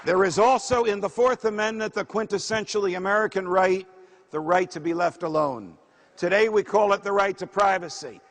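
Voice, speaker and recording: A man's voice: sits high, normal speed, a bit bright. A man giving a political speech, emphatic and rhetorical, lecturing a crowd. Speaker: speaker. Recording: reverberant hall.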